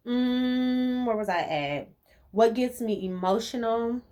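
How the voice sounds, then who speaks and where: A woman's voice: on the high side, slow pace. Chatty young woman, laughs a lot. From rural US. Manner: chatty, animated, laughs often, Southern US slang. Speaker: vlogger answering viewer questions. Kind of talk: casual chat.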